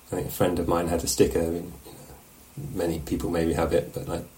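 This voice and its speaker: A man teaching meditation, giving a relaxed, musing dharma talk at a retreat and often checking in with his listeners. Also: low-pitched, brisk, few pauses, low-quality recording. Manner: reflective, musing, asks questions of the listeners. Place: meditation hall.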